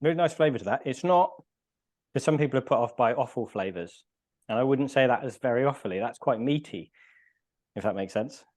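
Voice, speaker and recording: A man's voice: medium pitch, expressive, a little fast, a little mellow. A male podcast host in casual chat, talking through a mouthful and murmuring between words. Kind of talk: casual chat while tasting food.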